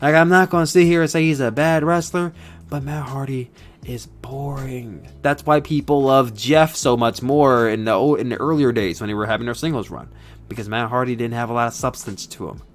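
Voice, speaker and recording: A young man in casual chat, recapping wrestling, excitable and rambling with frequent restarts. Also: medium pitch, moderate pace, faint music behind. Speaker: podcast host reviewing wrestling.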